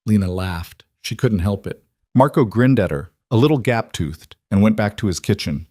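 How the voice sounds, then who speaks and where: A man narrating a romance story in a calm, even, scripted storytelling manner. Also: fairly low pitch, normal speed, no echo, studio quality.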